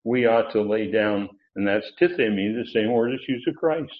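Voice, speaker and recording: A man with a fairly low voice preaches an expository sermon at a moderate pace, recorded with a tinny, phone-like quality. He's a teacherly pastor who raises his voice to stress key words.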